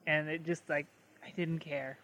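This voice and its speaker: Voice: mid-range voice, little pitch movement, moderate pace, a bit bright, a little hiss or hum. Dry offhand podcast co-host. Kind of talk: casual chat.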